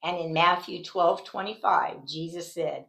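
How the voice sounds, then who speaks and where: A woman's voice: on the low side, unhurried, creaky, fairly bright tone, low-quality recording. A woman teaching a Bible study in an earnest, indignant, conversational way, rambling and restarting her sentences as she goes. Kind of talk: conversational devotional talk.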